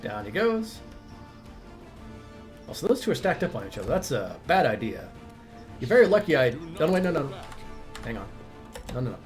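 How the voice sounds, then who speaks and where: A man with a mid-range voice, big pitch swings and normal speed, with long pauses, streams a role-playing game. He chats casually, laughs often and reads game text aloud, with faint game music behind him.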